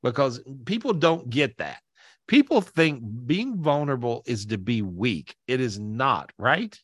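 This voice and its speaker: A man's voice: mid-range voice, very animated, measured pace, a bit bright, breathy edge, no room sound, studio quality. Teary, rambling man hosting over video call. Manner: rambling, repeats himself, emotional. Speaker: host. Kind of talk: live video-call podcast chat.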